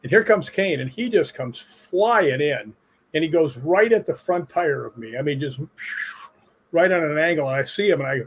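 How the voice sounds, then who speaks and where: A middle-aged man from Chicago, a stuntman guest, telling animated stories in a casual interview. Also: fairly high pitch, moderate pace, husky. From Chicago, USA. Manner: animated anecdotes with acted-out quotes.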